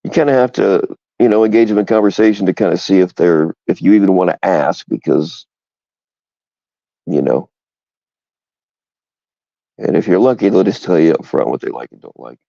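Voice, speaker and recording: Deep gravelly man, crude casual chat. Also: normal speed, long pauses, dark tone, no room sound, muffled recording. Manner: rambling, frank, laughs often.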